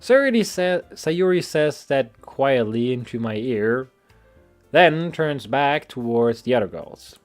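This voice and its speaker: A man's voice: mid-range voice, expressive, slow pace, soft background music. A man from Germany, rambling and swearing in casual game-stream commentary. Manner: rambling and profane, many restarts. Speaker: gamer streamer. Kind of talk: let's play commentary.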